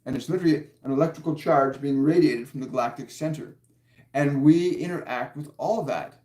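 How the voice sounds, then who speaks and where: A man's voice: fairly high pitch, brisk, a little mellow, roomy sound. A man giving a live-streamed spiritual talk as a medium, answering viewer questions in an earnest, insistent way and repeating key words for stress.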